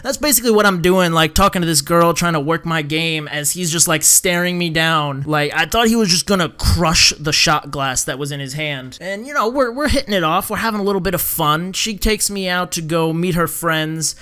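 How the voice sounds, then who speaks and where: A man in his twenties telling a rambling, animated story to camera, acting out the other people's lines as he goes. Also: fairly high pitch, normal speed, hardly any pauses, smooth. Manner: rambling and animated, with many restarts. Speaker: vlogger. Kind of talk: storytime vlog.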